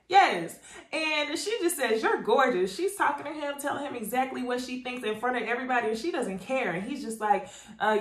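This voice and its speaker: Here a woman with a fairly high-pitched voice recaps a reality show episode for her YouTube viewers, chatting casually to camera and addressing them as "y'all." She's lively and animated, and the audio carries reverb.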